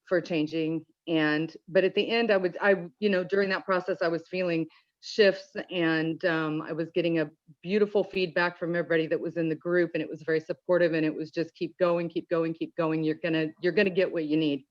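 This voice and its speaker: A woman giving an emotional personal testimony in an earnest, halting way with many restarts, choked up at times. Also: on the low side, fairly even intonation, lo-fi sound. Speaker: call-in participant.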